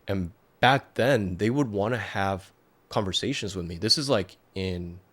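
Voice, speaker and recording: A man's voice: fairly low pitch, a little slow, fairly bright tone, slightly rough. A man in his thirties tells a personal story in a rambling, casual way, full of "like" and "um". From United States. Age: 30s. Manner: rambling, lots of "like" and "um". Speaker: podcast host.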